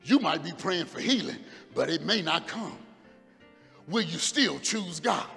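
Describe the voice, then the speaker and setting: A male pastor preaching a fervent sermon, dropping to quiet asides and rising to shouts. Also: fairly high pitch, expressive, unhurried, creaky, big-room sound, soft background music. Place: church sanctuary.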